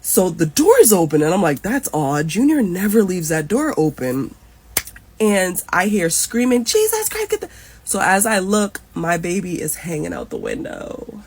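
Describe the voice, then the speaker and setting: A woman's voice: on the low side, a little slow, slightly rough. A woman in her thirties telling an emotional personal story in a casual storytime. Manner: emotional, animated retelling.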